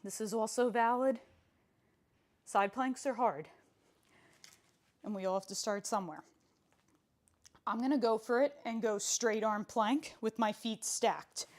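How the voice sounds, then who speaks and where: Young woman as a live pilates instructor: slow, chatty and playful delivery, a touch breathless during the holds. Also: on the high side. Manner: chatty and playful, counts reps aloud, laughs often.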